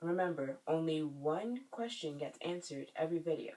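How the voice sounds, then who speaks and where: A man hosting a language lesson video. He says each phrase slowly and repeats it syllable by syllable so viewers can copy it. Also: on the high side, expressive, darkish tone, recorded from a distance, rough recording.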